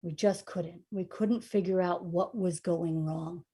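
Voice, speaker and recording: A woman's voice: fairly low pitch, measured pace, slightly rough. Self-mocking woman storyteller from New York. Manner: lively, self-mocking, dramatic storytelling with big swings in volume. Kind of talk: humorous personal storytelling performance.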